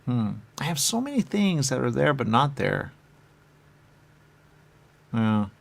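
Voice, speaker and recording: A man talking in the first person as a dead spirit, rambling and halting, trailing off into fillers and jumping to high voices for quotes. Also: very animated, creaky.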